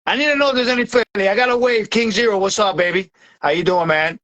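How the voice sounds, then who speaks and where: Excitable high-voiced man hosting a live chat; loud and slangy, shouts often. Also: fast, dull audio. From Tampa, Florida. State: sweating from heat. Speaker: livestream host. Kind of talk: excitable casual livestream chat.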